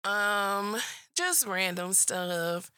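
A woman co-hosting a casual podcast chat, telling animated stories and acting out other people's voices. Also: mid-range voice, extremely slow, smooth, no room sound, clean studio sound. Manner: animated storytelling with acted-out voices. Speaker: podcast co-host.

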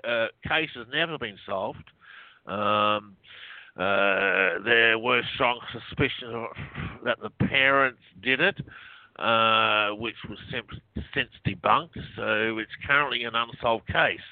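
A man calls in as a guest and talks in a loose, chatty way, full of ums and quick laughs. His voice comes down a tinny phone line with no room sound at all. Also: fairly low pitch, dry recording. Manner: chatty, laughs often, rambling with fillers. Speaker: guest, researcher. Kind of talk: casual phone-in interview.

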